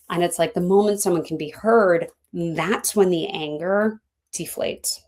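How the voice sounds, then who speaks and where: Middle-aged woman coach, animated and conversational, lowish voice, talks like she's explaining to a friend. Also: measured pace. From Philadelphia. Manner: chatty and animated, acts out quoted clients. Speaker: coach and class teacher. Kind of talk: teaching an online class, conversational.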